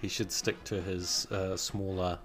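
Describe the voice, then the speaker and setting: A man co-hosting a podcast in casual chat, joking dryly and trailing off quietly at the ends of his sentences. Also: sits low, little pitch movement, a little slow, faint music behind. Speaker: podcast co-host.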